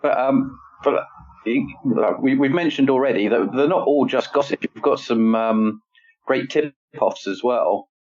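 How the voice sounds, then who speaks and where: A man's voice: mid-range voice, unhurried, a little mellow. A man hosting a podcast interview, putting in joking interjections. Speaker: podcast host. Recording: dull lo-fi sound.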